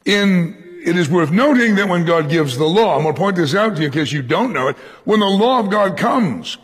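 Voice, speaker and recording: A man, a pastor, teaching a verse-by-verse Bible sermon in a conversational way, asking his listeners questions and swinging between loud emphasis and quiet asides. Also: high-pitched, expressive, fairly quick. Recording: echoey hall with long reverb.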